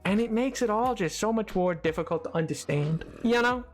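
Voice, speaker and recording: A man's voice: sits high, expressive, fairly quick. A man streaming a game, chatting casually in a rambling, stammering, self-deprecating way into a desk microphone, with faint music behind. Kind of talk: casual gameplay commentary.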